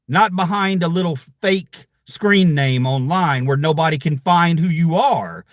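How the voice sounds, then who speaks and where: A man rants angrily at online critics on his own channel's livestream, confrontational and full of profanity. His voice sits high and sounds a bit bright, recorded cleanly in a studio with no echo.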